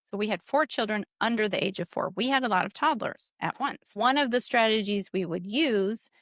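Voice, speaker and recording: Measured woman explaining parenting ideas. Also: mid-range voice, lively intonation, fairly bright tone, no room sound, clean studio sound. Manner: explanatory, measured, finishes her partner's points. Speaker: podcast co-host. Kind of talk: casual conversational podcast.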